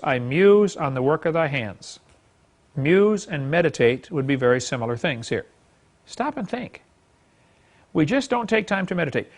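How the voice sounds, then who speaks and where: A man's voice: a little high, vocal fry. A man teaching a Bible class to a live audience, folksy and emphatic, chuckling as he acts out quoted speech.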